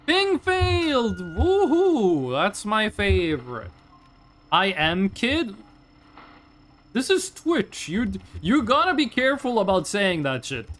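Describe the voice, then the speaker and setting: A man's voice: high voice, big pitch swings, a little slow, a bit bright, slight background noise. A man in his twenties chatting casually and profanely with his chat while streaming a game. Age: 20s. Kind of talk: casual live game commentary.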